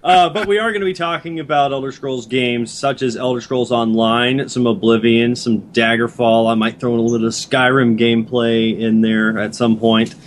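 A man's voice: mid-range voice, fairly even intonation, normal speed, few pauses. A man co-hosting a podcast, introducing the topics in a matter-of-fact, wry way. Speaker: podcast co-host. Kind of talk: casual podcast chat.

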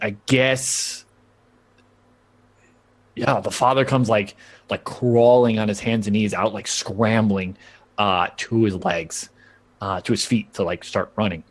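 Rambling male game master narrating. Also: fairly low pitch. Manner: loose, rambling narration with many fillers and restarts.

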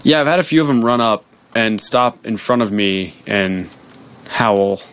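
A man co-hosting a podcast, chatting casually while he plays a game, animated and jokey and prone to silly voices. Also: lowish voice, unhurried, clear, resonant tone. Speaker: podcast co-host playing a game. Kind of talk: casual gaming chat.

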